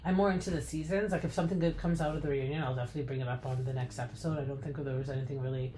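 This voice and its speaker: A woman's voice: extremely low pitch, fairly even intonation, very fast, mellow, slight background noise. A woman hosting a podcast, recapping reality TV in a chatty, blunt way with many fillers and some swearing. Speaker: podcast host.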